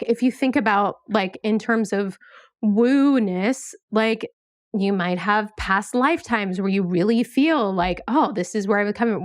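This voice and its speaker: A woman's voice: on the high side, no echo, clean studio sound. A woman hosting a podcast, chatting casually and animatedly with lots of fillers. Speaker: podcast host. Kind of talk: casual conversational interview.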